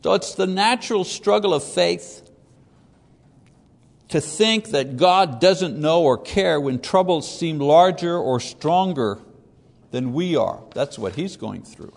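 A man with a somewhat high voice teaches through a psalm in an easy, conversational way. He lifts his voice to act out the people he quotes. The sound carries a long reverb, as in a large hall. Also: expressive, takes it slowly, creaky. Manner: conversational, acts out quoted voices with rising pitch. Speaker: preacher teaching a Bible lesson. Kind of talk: expository Bible teaching.

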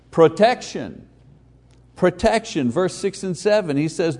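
A man preaching a sermon, slowing for emphatic phrases and dropping to quiet asides. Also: a little high. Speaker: pastor.

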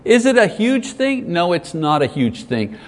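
A man's voice: high-pitched, sing-song, unhurried. Man preaching in a long-echoing hall. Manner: earnest, conversational preaching with repetition. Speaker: pastor. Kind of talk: sermon.

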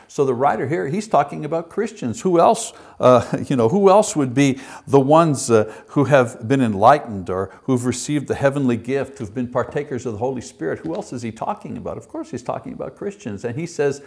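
A man's voice: medium pitch, animated, moderate pace, darkish tone. A man giving an earnest short sermon for an online video, stressing his points and letting his voice rise and fall. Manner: earnest, emphatic, rising and falling for effect. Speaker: preacher.

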